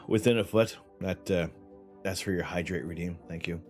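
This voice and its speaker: A livestream host rambles in chatty, casual conversation from home while doing night imaging, sighing frequently as his tongue and lips feel numb. His voice sits low at a moderate pace, and faint music plays behind him.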